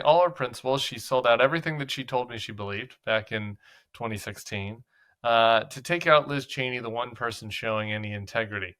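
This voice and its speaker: Male political commentary host, bright voice, sarcastic and conversational. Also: mid-range voice.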